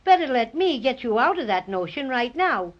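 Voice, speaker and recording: A woman voicing a small, boastful stuffed bear in a 1930s radio drama, chirpy and quick to panic. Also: sits high, sing-song. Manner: chirpy, brags then panics. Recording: dull lo-fi old radio recording.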